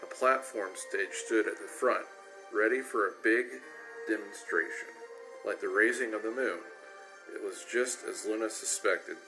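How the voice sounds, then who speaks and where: A man's voice: on the low side, unhurried, music in the background, low-quality recording. A man giving a casual cold reading of a story aloud, often stumbling and correcting himself. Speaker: reader.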